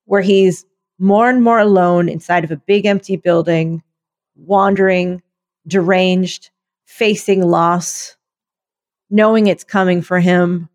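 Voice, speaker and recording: Wry, deadpan woman. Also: on the low side, slow. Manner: wry, deadpan sarcasm, rambling. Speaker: podcast co-host. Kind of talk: casual political chat.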